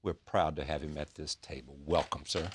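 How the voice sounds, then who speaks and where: A man's voice: rumbling low, steady tone, normal speed, husky. A man hosting a talk-show interview, reading an introduction and asking brief questions. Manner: reads intro, then short prompts and frequent agreement. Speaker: interview host.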